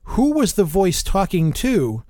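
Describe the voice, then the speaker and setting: A man with a fairly high voice hosts a relaxed conversation. He tells his own stories with animation and laughs easily. The sound is dry and close, with no room echo. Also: measured pace. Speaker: podcast host. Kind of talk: casual conversational interview.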